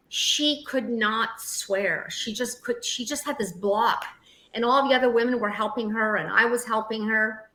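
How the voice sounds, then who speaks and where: A woman guest mentor telling stories in an interview, acting out the quotes with lively pitch shifts. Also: moderate pace, reverberant, rough recording. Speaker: guest, emotional healing mentor. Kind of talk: storytelling in a podcast interview.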